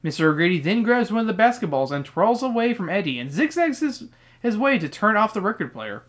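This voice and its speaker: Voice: mid-range voice, brisk. Sweary podcast host reading a kids book, sarcastic, voice jumps all over. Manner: profane, sarcastic, swings from flat reading to loud outbursts. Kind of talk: comedic book reading and riffing.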